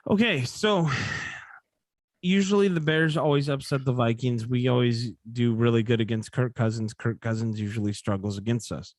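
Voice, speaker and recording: A man's voice: mid-range voice, fairly even intonation, moderate pace, dry recording, studio quality. A man hosting a casual sports betting podcast, sleepy and yawning, rambling and correcting himself as he talks. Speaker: podcast host.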